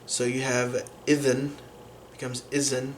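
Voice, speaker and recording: A man teaching a lesson on pronunciation, explaining patiently with frequent pauses and fillers. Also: medium pitch, level tone, a little hiss or hum. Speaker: language teacher.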